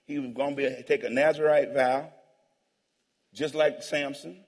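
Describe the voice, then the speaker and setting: Speaking slowly and pausing often, this male pastor has a mid-range, darkish voice with a breathy edge and a steady tone. His sermon is playful, full of jokes for the crowd and calls for amens, echoing with long church-hall reverb in the sanctuary.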